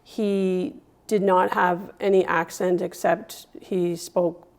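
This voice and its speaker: A woman guest recounting a personal experience in an interview, hesitant and pausing often with fillers. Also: lowish voice, little pitch movement, creaky, a little mellow. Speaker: guest sharing a scam experience.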